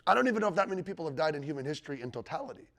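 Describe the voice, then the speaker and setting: Talking very fast and very animatedly, this man has a slightly high, creaky, fairly bright voice. He's teaching a live group about the end times from the Bible in a teaching room, chatting with them, checking in, and quoting scripture with mounting emphasis.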